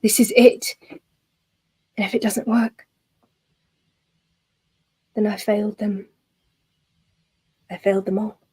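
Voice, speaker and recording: A woman voicing a desperate young male hero about to make a sacrifice, speaking in a hushed, partly whispered, anguished way. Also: mid-range voice, flat delivery, takes it slowly, long pauses, breathy edge.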